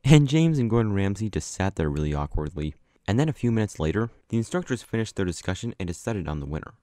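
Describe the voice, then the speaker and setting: A man's voice: lowish voice, sing-song, fast, warm tone, no room sound, studio quality. A man narrating a personal story casually, chatty with many asides. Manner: chatty, with lots of likes and asides.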